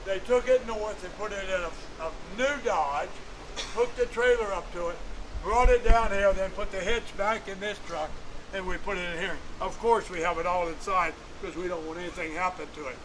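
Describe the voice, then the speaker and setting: A man's voice: sits high, moderate pace, background noise. A man in his nineties giving a museum tour, telling folksy stories in a plain-spoken, chuckling way. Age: 90s. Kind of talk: storytelling on a guided tour.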